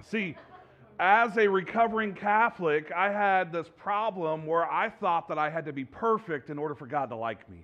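A pastor giving a sermon in a conversational, rambling way, with many fillers and restarts and a joking, self-deprecating manner. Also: male voice, sits high, animated, moderate pace, a bit bright, muffled recording. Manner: self-deprecating, jokes with the congregation.

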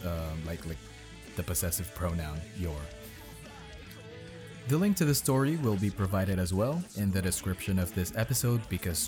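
A man hosting a podcast, reading bad fan fiction aloud in his bedroom with sarcastic, mocking asides. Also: low-pitched. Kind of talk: comedic dramatic reading with commentary.

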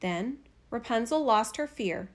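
With a somewhat high voice, a woman reads a fairy tale aloud in a measured, expressive way. She carries the story steadily from one scene to the next.

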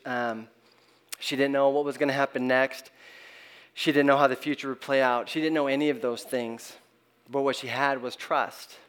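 A middle-aged man preaching a sermon at a middle pitch. He talks in an earnest, halting way, restarts his phrases often, and lets the ends of his lines fall away softly. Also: smooth. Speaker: pastor.

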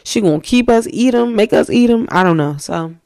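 A young woman hosting a podcast, telling stories in a blunt, profane, animated way. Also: mid-range voice, fairly quick, no room sound, studio quality. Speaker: podcast host. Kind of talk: casual storytelling.

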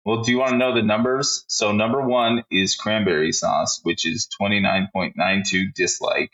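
Man, low voice with a bright edge, profane casual podcast co-host. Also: steady tone, moderate pace, lo-fi sound. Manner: profane, blunt, reads out a list.

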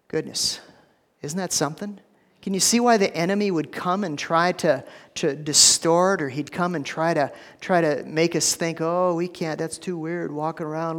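A man's voice: fairly high pitch, long reverb tail. A man preaching a sermon in a casual, conversational way, often repeating words and saying "you know.". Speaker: pastor.

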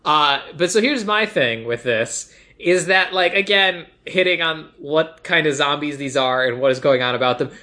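A man co-hosting a chatty podcast, recapping a film scene by scene. He jumps into little mock quotes of the characters and talks in a relaxed, everyday register. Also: a little high, moderate pace. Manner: animated retelling with mock quotes. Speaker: podcast co-host. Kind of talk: casual film recap chat.

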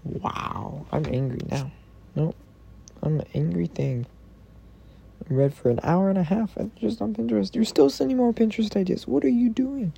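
A young man talking tenderly and rambling to his girlfriend in a personal podcast, sometimes dropping into soft whispers. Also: high voice, normal speed, gravelly, a little hiss or hum. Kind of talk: intimate personal voice message.

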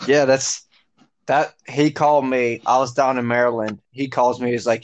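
A man's voice: mid-range voice, little pitch movement, moderate pace. Laughing man egging on a story. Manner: eager, laughing prompter. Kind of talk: casual chat.

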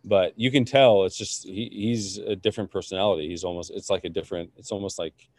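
Male co-host, lowish voice, dry close sound, rambling conversational delivery. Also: steady tone, quick pace, no room sound. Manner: rambling, many fillers and restarts. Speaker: podcast co-host. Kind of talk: casual chat.

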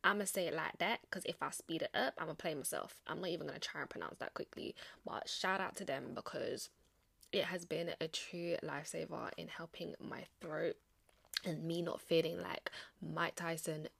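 A woman's voice: deep voice, steady tone, moderate pace, gravelly, fairly bright tone, breathy edge. A young woman hosting her podcast solo, chatting casually in an upbeat, motivational way with slangy asides. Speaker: podcast host.

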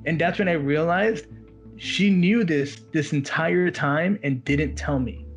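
A man working as a walk-around magician, telling a story in an animated, casual chat. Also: a little high, unhurried, faint music behind. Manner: animated, quotes others in his story.

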